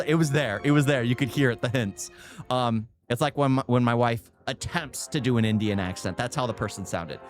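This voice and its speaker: A man's voice: medium pitch, a little fast, soft background music. A man hosting a reaction video, rambling casually and chuckling as he talks. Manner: rambling, self-interrupting, chuckles often.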